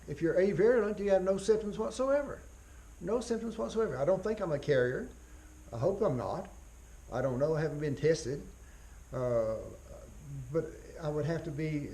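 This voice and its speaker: A man giving a college biology lecture in a folksy way, repeating key phrases, spelling out terms slowly and often clearing his throat. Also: a little high, darkish tone, rough recording.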